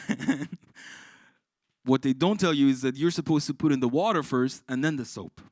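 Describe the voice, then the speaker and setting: A man from Iran doing live stand-up, telling stories with swearing and shouted punchlines. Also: mid-range voice, moderate pace, no echo. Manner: animated, swearing, exclaiming punchlines. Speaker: stand-up comedian. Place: live comedy stage.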